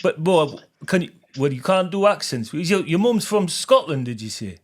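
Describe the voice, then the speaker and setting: A man's voice: a little high, very animated, normal speed. A man hosting a podcast, playing a straight-faced fake recruiter in a teasing prank phone call. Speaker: podcast host. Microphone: podcast studio mic.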